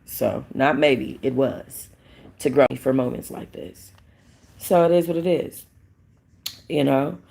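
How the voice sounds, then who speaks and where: A woman's voice: a bass voice, measured pace, vocal fry, long pauses, mellow, slightly rough. A woman hosting a casual livestream, talking bluntly to her chat, rambling and swearing freely. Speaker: livestream host.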